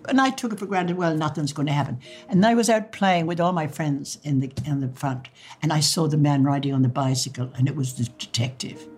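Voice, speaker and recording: Lively older Irish woman telling stories. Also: deep voice, brisk, hardly any pauses, slightly rough, faint music behind. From Ireland. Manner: lively storyteller who acts out quoted dialogue and laughs. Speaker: interviewee. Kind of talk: recounting personal memories.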